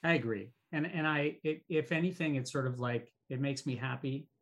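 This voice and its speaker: A man hosting a podcast interview, asking halting, curious questions with many restarts. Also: mid-range voice, fairly bright tone. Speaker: podcast host.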